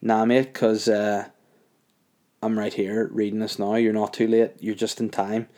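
A man's voice: lowish voice, level tone, a little slow, warm tone. A young man, hosting a solo podcast, laid-back and rambling with lots of fillers. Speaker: comedian podcast host. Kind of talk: casual solo podcast chat.

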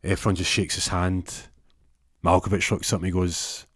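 A man's voice: low-pitched, little pitch movement, moderate pace, slightly rough, no echo, clean studio sound. A man telling an absurd comic story in a rambling way, full of stumbles and restarts. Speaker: comedic storyteller.

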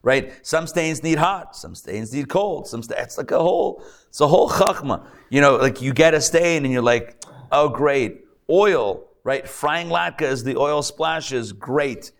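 A rabbi teaching a live class before an audience, chatty with joking asides and many fillers and restarts. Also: male voice, a little high, expressive, measured pace, gravelly, few pauses.

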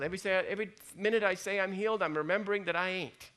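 A pastor with a high, racing voice that sounds pushed and bright delivers a conversational sermon. His manner is folksy and joking, and he acts out the voices in his head.

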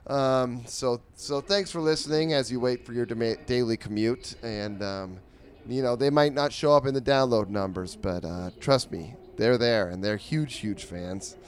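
A man's voice: lowish voice, smooth. A man hosting a comedy podcast in a casual, rambling way, full of fillers and mock-earnest appeals. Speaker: podcast host.

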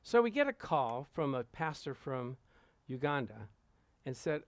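A man preaching to a congregation, telling a lively anecdote and acting out the voices of the people in it. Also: mid-range voice, a little slow, dry recording. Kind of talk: storytelling sermon to a congregation.

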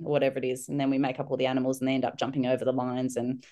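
A woman, a parenting instructor telling animated stories as an interview guest, acting out quotes. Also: rapid-fire. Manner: animated, acts out quotes in high voices. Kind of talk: casual storytelling interview.

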